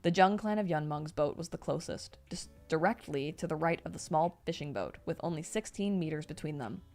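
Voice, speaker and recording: Young woman, streamer, reading a novel aloud, lowish voice, faint background music. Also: a little fast. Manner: reads steadily, breaks off into excited reactions.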